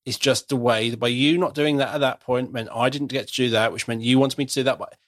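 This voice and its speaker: A man's voice: medium pitch, fairly even intonation, fairly quick, fairly bright tone, dry recording, clean studio sound. A middle-aged man hosting a casual conversation, chatty and self-deprecating, often restarting his sentences.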